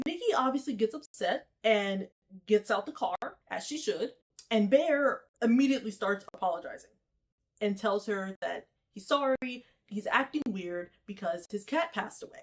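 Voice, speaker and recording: A woman casually retelling a horror film's plot in a chatty, animated way, peppering her talk with asides and "okay?". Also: medium pitch, moderate pace. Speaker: movie reviewer.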